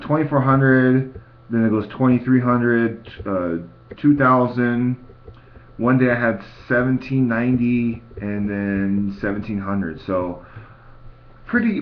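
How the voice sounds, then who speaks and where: Young adult male vlogger, casual and repetitive, dull lo-fi computer sound. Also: on the low side. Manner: rambling, repeats words and restarts. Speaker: fitness vlogger. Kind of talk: casual video diary. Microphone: computer mic.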